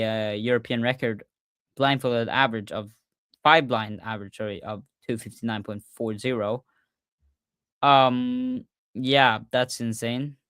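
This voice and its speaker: A young man hosts a casual livestream recap in a smooth, clear voice. He sounds excited and stumbles over his words, restarting and repeating himself. The sound is dry and close, recorded on a desk mic. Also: medium pitch, no echo. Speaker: podcast host.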